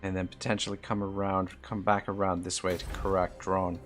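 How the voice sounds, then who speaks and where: Low-voiced East Coast Canadian man streaming. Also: level tone, brisk, faint music behind. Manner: thinks aloud, plans moves, swears when annoyed. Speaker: gaming live streamer. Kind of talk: live gameplay commentary.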